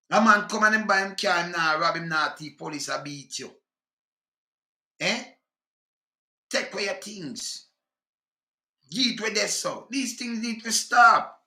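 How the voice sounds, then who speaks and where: A man's voice: high voice, pushed and bright, echoey room. A man with a Jamaican accent in an angry, profane rant reacting to clips. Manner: heated, profane, scolding.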